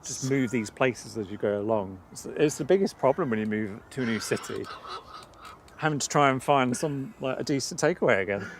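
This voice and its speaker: A man's voice: mid-range voice, fairly quick, slight background noise. Easygoing man rambling on a live stream. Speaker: plane spotting livestream co-host. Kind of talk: casual chat on a live stream. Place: outdoors at an airport.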